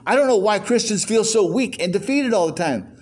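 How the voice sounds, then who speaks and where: A man's voice: high voice, expressive, brisk, a little mellow. An older man preaching a sermon as pastor, firing rhetorical questions with joking asides.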